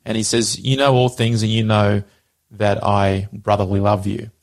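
A man's voice: lowish voice, level tone, normal speed. A man casually explaining a Bible passage, animatedly acting out the quoted dialogue.

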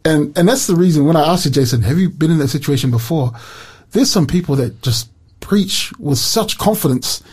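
Earnest New man, radio Bible teacher, husky and mellow, fairly high voice. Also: a little fast, hardly any pauses. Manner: earnest and animated, quotes scripture with emphasis. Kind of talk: Bible study chat on Christian radio.

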